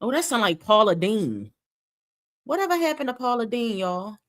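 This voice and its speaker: A woman's voice: on the high side, sing-song, moderate pace. Woman reaction host; sassy, conversational, keeps firing questions at the chat. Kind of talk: casual reaction commentary.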